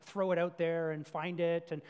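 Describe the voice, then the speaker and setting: A man's voice: a little high, level tone, normal speed, a little mellow, clear, resonant tone, big-room sound. A man preaching a sermon as pastor, telling stories earnestly with self-deprecating asides.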